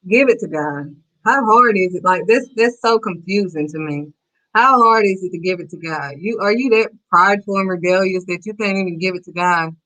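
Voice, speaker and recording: A woman's voice: fairly low pitch, normal speed, sharp tone, low-quality recording. Emphatic woman preaching faith advice. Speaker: host.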